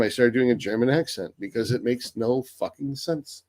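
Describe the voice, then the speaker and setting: An American man hosts a live Q&A stream, reading viewers' questions aloud and answering them bluntly, swearing a lot. He speaks at normal speed in a medium pitch, and the recording is dry.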